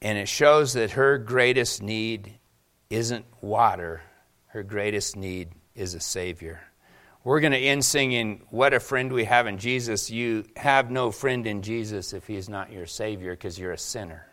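Animated bright-voiced male preacher. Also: lowish voice, measured pace. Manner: animated preacher, rhetorical questions, acted quotes. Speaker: pastor. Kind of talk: sermon.

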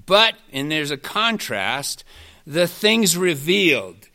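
A man's voice: on the high side, big pitch swings, takes it slowly, pushed and bright. A man teaching a Bible study class in a folksy way, drifting into anecdotes.

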